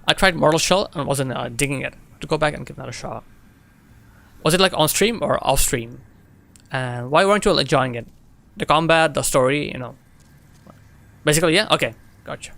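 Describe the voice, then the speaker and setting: A young man with a slightly high voice chats loosely while streaming a game. He answers viewers' messages as they come in and laughs easily between lines. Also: brisk, vocal fry, fairly bright tone. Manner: chatty, laughs often, reads and answers chat. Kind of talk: casual gameplay chat with viewers.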